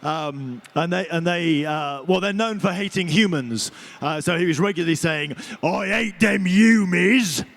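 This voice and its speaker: A male actor talking on a convention panel, an animated, chatty storyteller. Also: on the high side, normal speed, hardly any pauses. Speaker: voice and motion capture actor.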